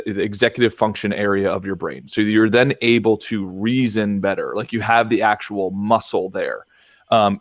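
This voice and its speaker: A man hosting a podcast, explaining ideas step by step in a measured, conversational way. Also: fairly low pitch, no room sound, clean studio sound. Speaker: podcast host. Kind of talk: casual conversation.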